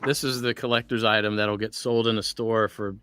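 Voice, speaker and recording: A man's voice: fairly low pitch, little pitch movement, a little fast, pushed and bright, smooth, no room sound, faint music behind. A man, a voice actor, chatting casually on a livestream while signing prints, rambling and joking.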